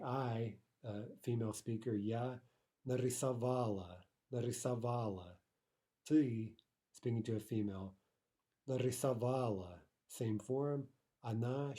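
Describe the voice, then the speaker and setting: Male instructor, mellow and relaxed voice, steady mid pitch, patient explainer. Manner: explains patiently, often checks in with "right?". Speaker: language teacher. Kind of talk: recorded grammar lesson.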